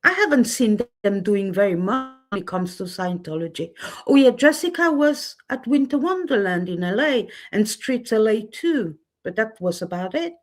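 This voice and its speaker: A woman's voice: medium pitch, big pitch swings, normal speed. A woman hosting her own channel in a candid livestream monologue, speaking bluntly and getting heated and indignant about what she sees. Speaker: channel host.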